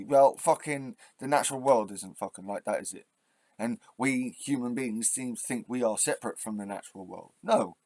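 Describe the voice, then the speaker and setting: A man hosting his own channel, delivering a passionate, swearing rant that drops to quiet musing and then flares up loud, with halting restarts when he thinks aloud. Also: mid-range voice, no echo. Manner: swearing, impassioned, swings between quiet and loud. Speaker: channel host. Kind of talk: ranting vlog monologue.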